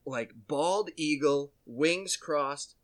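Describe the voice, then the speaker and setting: A man's voice: fairly high pitch, extremely slow. A man hosting a casual comedy chat, rambling and joking, often acting out the people he talks about. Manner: rambling, jokey, acts out quoted voices.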